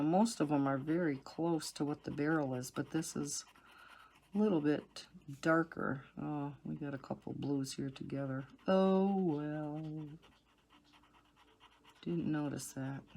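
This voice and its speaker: A middle-aged woman with a low, soothing voice, chatting casually and rambling with soft laughs while she colors. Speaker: coloring channel host.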